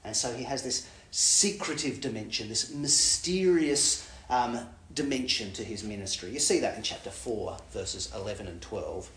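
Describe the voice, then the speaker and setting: A man giving a Bible teaching talk in a lively way, acting out quoted lines with big jumps in pitch. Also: normal speed, a little hiss or hum. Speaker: preacher. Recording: echoey room.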